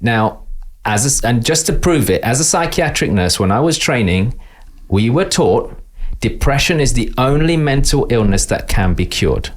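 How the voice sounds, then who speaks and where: A man's voice: medium pitch, moderate pace. A middle-aged man with an East London accent, a podcast guest talking casually and acting out the voices of people he quotes. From England. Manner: animated storyteller, acts out quoted voices. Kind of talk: casual interview talk.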